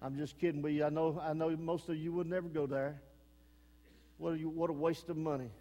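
A man with an East Texas accent preaching a fiery sermon as pastor, swinging between shouted warnings and low, earnest pleading. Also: little pitch movement, fairly quick, highs cut off. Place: church sanctuary. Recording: long hall reverb.

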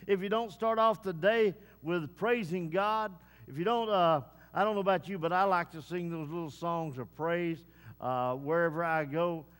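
A man preaching a sermon to his congregation in a folksy way, with many pauses and "uh" fillers. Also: high voice, a bit bright. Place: church service. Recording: long hall reverb.

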